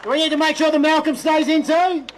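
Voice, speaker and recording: A man's voice: very high-pitched, steady tone, quick pace, noisy background. A man with an Australian accent emceeing an outdoor rally, hyped and punchy, calling out questions to the crowd. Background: faint crowd and ambience.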